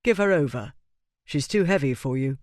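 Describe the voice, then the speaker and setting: A man voicing a cool, irritable Regency gentleman who speaks in a dry, clipped, disdainful way. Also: fairly high pitch, expressive, moderate pace, no room sound, close to an everyday voice. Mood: irritated.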